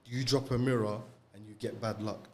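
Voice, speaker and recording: A man's voice: lowish voice, fairly even intonation, normal speed, a little hiss or hum. Young man, slangy podcast talk. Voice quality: street slang, lots of "bro" and "you get me". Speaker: podcast co-host. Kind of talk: casual religious discussion.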